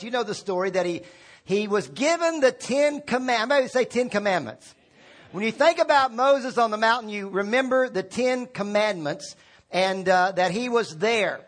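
Man pastor, high voice, casual sermon style, gets the congregation to call words back. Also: normal speed, fairly bright tone. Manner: informal, calls on congregation to repeat words. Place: church sanctuary.

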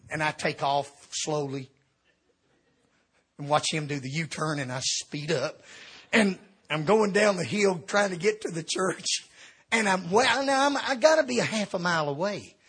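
A middle-aged man, an evangelist, telling a comic story in a sermon, swinging between shouting and quiet confession. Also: high-pitched, slightly rough. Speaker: evangelist preacher.

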